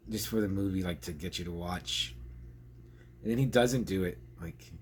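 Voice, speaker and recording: A man with a lowish voice talks through a film review in a loose, rambling way, laughing easily as he goes. A faint hum of noise sits behind him. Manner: rambling, chatty, laughs often. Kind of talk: casual spoken film review.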